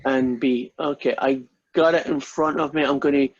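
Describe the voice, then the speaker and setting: Male math teacher, husky, chatty and friendly, dull call-quality audio. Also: mid-range voice, fairly even intonation, moderate pace. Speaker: math instructor. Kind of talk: online class, casual. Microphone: video call.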